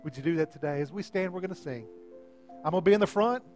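A man preaches from the front of a church, speaking through a handheld microphone. His voice sits high for a man, and he pleads with his listeners in an impassioned way. Soft music plays faintly behind him. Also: quick pace. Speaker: pastor. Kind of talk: sermon. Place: church sanctuary.

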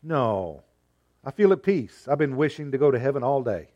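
A man voicing a dying elderly father who answers softly and simply while reading a story aloud in a sermon. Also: medium pitch, very animated, moderate pace, lo-fi sound, natural voice. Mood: peaceful.

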